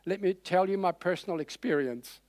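A man preaching a sermon in a conversational, animated way, with frequent fillers. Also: high voice, moderate pace, no echo.

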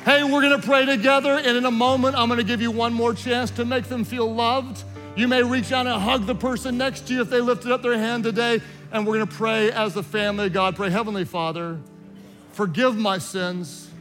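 Bright-voiced preacher in a big echoing hall. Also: male voice, extremely high pitch, steady tone, moderate pace. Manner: impassioned, urging, builds from soft prayer to loud exhortation. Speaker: pastor. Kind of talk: sermon with altar call and prayer. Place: large church auditorium. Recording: large echoing hall with faint music.

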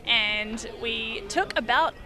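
A woman's voice: on the high side, slow pace, over music. A young woman with a New Zealand accent, a startup co-founder chatting upbeat and casually as an interview guest.

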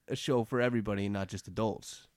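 A young man co-hosting a casual anime recap podcast, animated and slangy, often laughing. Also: lowish voice, fast, dry recording, clean studio sound. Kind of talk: casual chat.

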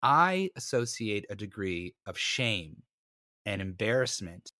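On a podcast, a male co-host with a voice on the low side speaks slowly while telling a story in easygoing chat. He brings it to life by imitating the people in it, mocking himself along the way. The recording is dry and cleanly captured in a studio.

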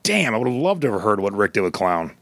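Middle-aged male podcast co-host, lowish voice, dry close sound, animated storyteller. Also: fast talker, no echo. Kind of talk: casual chat.

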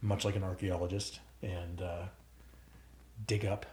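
A man's voice: deep voice, level tone, a little slow, dark tone, echoey room. A man co-hosting a church podcast, chatting casually, teasing his co-host and laughing often. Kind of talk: casual chat.

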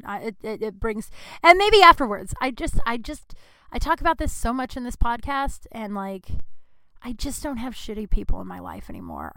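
A woman talks alone on her podcast, candid and rambling, with a smooth, resonant voice and plenty of casual swearing. She sounds ill and low on energy. The recording is dry and close, with no room sound. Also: fairly bright tone, dry recording. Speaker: podcast host. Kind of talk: candid solo podcast talk.

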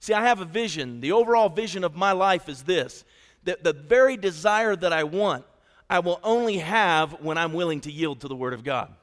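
A middle-aged pastor delivers a sermon in a fairly high voice for a man. He talks with the congregation, calling out to them as he goes, and his words ring out with the long reverb of a large church. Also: animated, moderate pace. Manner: conversational preaching with call-outs to the congregation. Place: church sanctuary.

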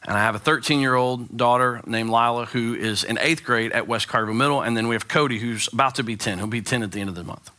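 Bright-voiced pastor preaching with humor. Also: male voice, mid-range voice, fast talker, hardly any pauses. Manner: animated, joking storyteller. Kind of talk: sermon. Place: church sanctuary.

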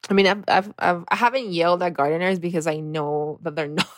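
A woman in casual conversation, expressive and soft-spoken at times, rising high when quoting herself. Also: fairly quick, no room sound, studio quality.

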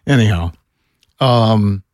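Taking his time, an older man who used to be a broadcaster shares an anecdote in a casual podcast chat, recorded dry at studio quality. He brings it to life by performing the other voices, leaping in pitch for each quote.

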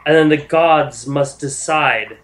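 A man's voice: on the high side, fairly bright tone, slight background noise. Solemn goddess, as a male game master puts her on. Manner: grave, measured pronouncements. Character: solemn goddess addressing chosen heroes.

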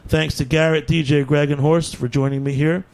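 A man's voice: fairly high pitch, flat delivery, vocal fry, a little mellow. A man hosting a beer talk radio show, chatting casually with guests and reading event announcements. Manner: upbeat, laughs easily, quick plug-filled wrap-up. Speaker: radio podcast host.

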